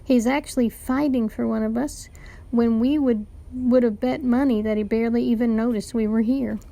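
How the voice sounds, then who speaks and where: A woman teacher reading a children's novel aloud to a class, with lively storytelling narration. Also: on the high side, moderate pace, creaky.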